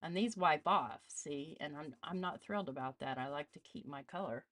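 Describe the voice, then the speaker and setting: A woman's voice: low-pitched, normal speed, a bit bright. A woman hosting a casual live art demonstration, chatting as she tests supplies and greets viewers. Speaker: art channel host.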